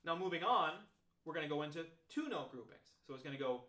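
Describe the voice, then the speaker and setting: A man walks through trombone practice methods in a relaxed, explanatory teaching tone. His voice sits on the higher side for a man. The room gives it a noticeable echo. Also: fast. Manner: relaxed, explanatory, talks through examples step by step. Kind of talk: demonstrating practice techniques. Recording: roomy echo.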